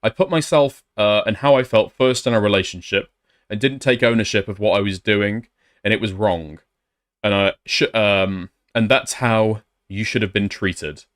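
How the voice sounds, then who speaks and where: A man's voice: fairly low pitch, moderate pace, fairly bright tone. Sarcastic male commentator, blunt, reads messages aloud.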